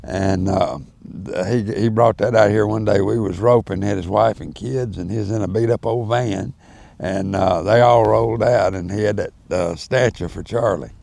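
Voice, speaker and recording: A low-voiced older man with a drawl and a gravelly edge. He rambles through folksy stories in a casual interview, full of fillers and asides. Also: normal speed, darkish tone, no echo. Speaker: interview guest. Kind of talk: storytelling in casual chat.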